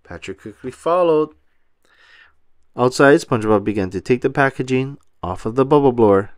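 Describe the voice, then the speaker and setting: A man reads a children's picture book aloud in an animated, expressive storytelling voice. His pitch sits mid-range but moves a lot, and the sound is dry and close. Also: moderate pace, dry recording. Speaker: storybook reader. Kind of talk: children's read-aloud narration.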